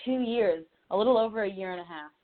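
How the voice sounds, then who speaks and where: A woman's voice: mid-range voice, quick pace. A young woman from Connecticut, a singer-songwriter, chatting in a phone interview, laughing easily and often restarting her sentences. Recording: tinny phone line.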